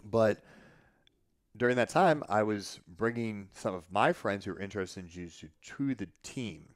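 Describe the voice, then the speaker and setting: A man telling a long story in casual conversation, animated and profane, often restarting his sentences. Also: fairly low pitch, normal speed, dry recording, studio quality. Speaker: podcast guest.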